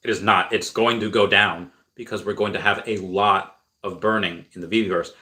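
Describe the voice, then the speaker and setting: A man's voice: on the low side, fairly even intonation, moderate pace, sharp tone. Man rambling through viewer chat. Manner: rambling and repetitive, full of restarts and fillers. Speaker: crypto streamer answering viewer chat. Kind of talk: casual livestream chat.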